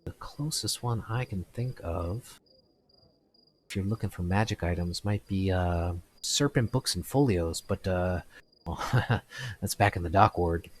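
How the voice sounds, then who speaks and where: A man's voice: sits low, unhurried, slight background noise. A man voicing a polite, flustered human shopkeeper who stammers and apologizes. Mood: helpful.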